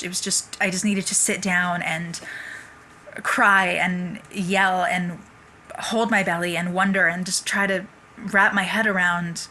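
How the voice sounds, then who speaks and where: A woman's voice: medium pitch, pushed and bright, slight background noise. A woman in her thirties, an interview guest, telling a personal story in an earnest, tumbling way with little asides. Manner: earnest, tumbling narration with asides and self-quoting.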